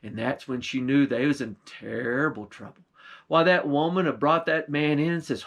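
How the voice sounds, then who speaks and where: A man's voice: medium pitch, steady tone, moderate pace. A man, a pastor, telling an old folktale in a folksy rural dialect. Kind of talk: folktale storytelling.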